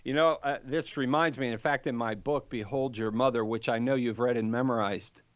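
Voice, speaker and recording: A man in his fifties, a podcast guest, telling a story in an animated way and chuckling as he goes. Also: mid-range voice, normal speed, no room sound. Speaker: guest apologist. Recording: dull, dry sound.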